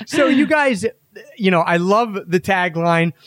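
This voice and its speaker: A man hosting a travel podcast interview, joking with his guests and asking lively questions. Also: high voice, a little slow. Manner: playful, joking, animated questions. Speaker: podcast host.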